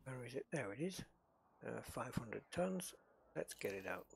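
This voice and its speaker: A man's voice: medium pitch, sing-song, normal speed, vocal fry, slight background noise. A middle-aged man from the northeast of England with an English accent, chatting casually and rambling as he streams a game from his desk at home. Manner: chatty, rambling, self-interrupting. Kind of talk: casual live-stream commentary.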